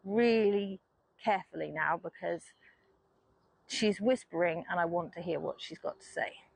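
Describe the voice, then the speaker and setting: A woman's voice: lowish voice, a little slow, creaky, slightly rough, no room sound, exaggerated voice. A woman voicing an eager, attentive horse. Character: attentive horse straining to listen.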